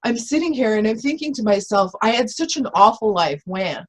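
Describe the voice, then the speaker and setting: A spiritual reverend appears as a guest in a casual spiritual conversation, speaking earnestly and from the heart and often restarting her sentences. Her fairly high-pitched voice is very animated and fairly quick, though the audio is poor.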